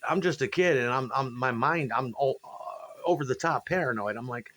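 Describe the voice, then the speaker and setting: With slight background noise behind him, a man with a mid-range voice and moderate pace shares stories from his old gigs as a musician. The casual monologue rambles and swears, growing animated when he mimics what people said.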